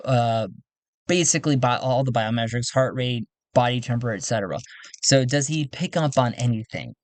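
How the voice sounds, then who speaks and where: A man's voice: medium pitch, darkish tone, dry recording. A man casually narrating a solo role-play game, rambling with self-mocking asides.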